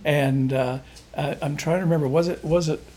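A man in an interview, explaining folk music in a halting, rambling way and often restarting his sentences. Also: on the high side, fairly even intonation, warm tone. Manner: halting, rambling, searches for words with many restarts.

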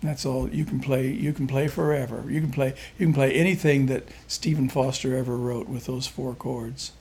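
A man in an interview, explaining folk music in a halting, rambling way and often restarting his sentences. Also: medium pitch, fairly even intonation, creaky, a little mellow, slightly rough. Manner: halting, rambling, searches for words with many restarts.

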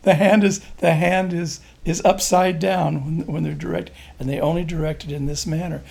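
A man with a fairly high speaking voice talks through music in an interview. He rambles and halts, restarting his sentences as he hunts for the right words. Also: fairly even intonation, gravelly, a little mellow, breathy edge. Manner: halting, rambling, searches for words with many restarts. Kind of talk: explaining folk music in an interview.

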